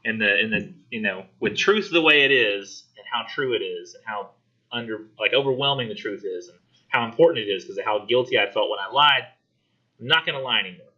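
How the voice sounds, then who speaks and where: A man teaching a college English class, talking casually and acting out characters in quick voices. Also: on the low side, pushed and bright, dull audio. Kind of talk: classroom discussion lecture.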